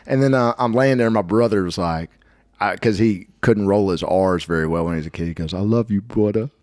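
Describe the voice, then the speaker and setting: A man's voice: brisk, darkish tone, no room sound, clean studio sound. A man co-hosting a podcast, telling a story in a laid-back way with plenty of swearing. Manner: swearing, laid-back storyteller who drops his voice low. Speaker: podcast co-host. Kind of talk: casual storytelling chat.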